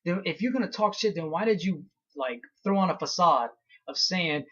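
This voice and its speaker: Young guy ranting bout a fight, kinda high voice, cussing, muffled lo-fi audio. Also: lively intonation, normal speed, slightly rough. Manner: heated, profane, blunt. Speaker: vlogger.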